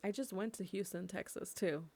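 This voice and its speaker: A young woman from California speaks in an impassioned, personal vlog. Her voice carries a gravelly fry in an otherwise mid-range pitch. She swears freely and drags out words for emphasis. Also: a little fast, warm tone. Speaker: vlogger.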